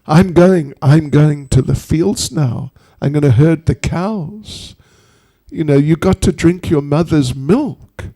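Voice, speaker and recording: Man doing a patient cowherd dad talking his kid down, slow and mellow, kinda gravelly. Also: on the high side. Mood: coaxing. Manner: patient, reasoning. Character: kindly cowherd father, gently coaxing.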